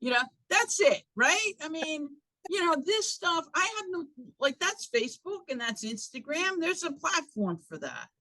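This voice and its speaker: Bright, punchy, wry woman. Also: high voice, big pitch swings, normal speed, no room sound. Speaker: podcast guest, chamber of commerce staff. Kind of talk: casual interview chat. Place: recording studio.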